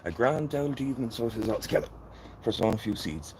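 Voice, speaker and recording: Man doing a hammed-up stage Irishman, deep, folksy and jovial, with steady background noise. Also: fast, rough recording. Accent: exaggerated Dublin Irish. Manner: hearty, sing-song, folksy.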